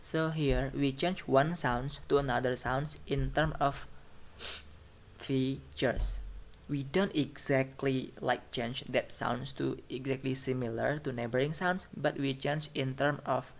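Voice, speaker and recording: A lecturer talks through slides in a recorded online class, saying each example twice and asking "right?" as they go. The voice sits at a middle pitch, neither high nor low. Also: fairly even intonation, a little slow. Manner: repeats each example and checks in with "okay" and "right?". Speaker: phonetics lecturer.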